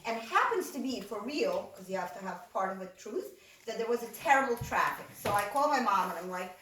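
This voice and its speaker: A woman's voice: medium pitch, expressive, a little fast, a bit bright. A woman telling comic stories in a casual way, laughing often and acting out the voices of her family. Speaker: storyteller. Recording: roomy sound from a distant mic, faint noise.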